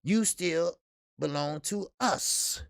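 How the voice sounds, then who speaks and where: A man's voice: on the high side, slow pace, gravelly, no echo, studio quality. A man hosting a live boxing talk stream, speaking in loose, profane slang and calling out to viewers in the chat. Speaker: boxing show host. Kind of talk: casual live-stream commentary.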